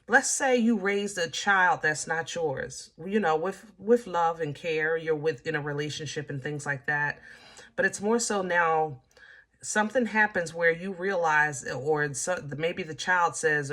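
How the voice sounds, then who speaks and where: A woman's voice: fairly low pitch, normal speed, a bit bright. A woman giving a casual tarot reading, chatty and emphatic, talking straight to the viewer with many fillers. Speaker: tarot reader.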